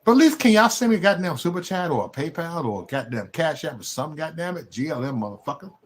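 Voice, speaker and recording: Man from Chicago ranting with lively swings. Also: on the high side, fast. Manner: loud swings, bursts into yelling. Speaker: live stream host. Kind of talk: profane comedic rant.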